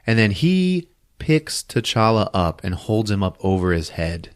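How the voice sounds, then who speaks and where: Animated man retelling a movie, swearing. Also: sits low, normal speed, hardly any pauses, clean tone, no echo, studio quality. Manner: profane, acts out lines in voices, laughs often. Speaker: podcast host retelling a movie. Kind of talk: animated casual movie recap.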